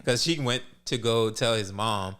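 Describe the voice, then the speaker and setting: A man's voice: medium pitch, measured pace, a bit bright, clear, resonant tone. A young man co-hosting a podcast, casually and profanely retelling an anime's plot. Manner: profane, storytelling recap. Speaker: podcast co-host. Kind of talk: casual anime recap chat.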